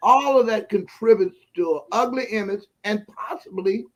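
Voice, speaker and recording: A man's voice: high-pitched, moderate pace, a bit bright. A man speaking as a guest in a casual live-stream conversation, earnest and emphatic. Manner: earnest, emphatic, repeats affirmations.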